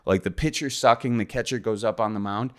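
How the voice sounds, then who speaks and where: Folksy joking podcast host. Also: male voice, on the low side, a little fast, fairly bright tone. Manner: folksy, joking, rambling asides. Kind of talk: casual solo podcast intro.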